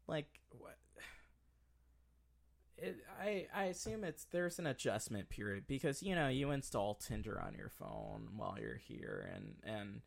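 A man hosting a casual podcast, joking around and rambling through filler words. His voice has a gravelly fry and swings lively up and down in pitch. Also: measured pace. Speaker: podcast host. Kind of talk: casual chat.

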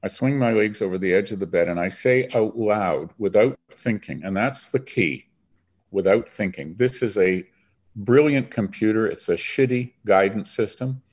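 An older man with a very low voice, speaking as an interview guest. He tells his story earnestly and reflectively, from Canada. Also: moderate pace, a little mellow, breathy edge.

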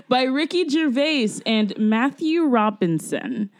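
A woman's voice: sits high, sing-song, extremely slow, a little mellow, dry recording. A woman hosting a podcast, chatting in a rambling, giggly way. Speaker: podcast host. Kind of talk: casual chat.

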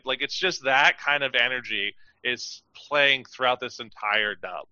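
A man's voice: mid-range voice, a little slow, hardly any pauses, bright, forceful tone, smooth, no room sound, lo-fi sound. A man co-hosting a podcast, chatting casually and rambling with lots of fillers and acted-out quotes. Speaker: podcast co-host. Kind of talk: casual chat.

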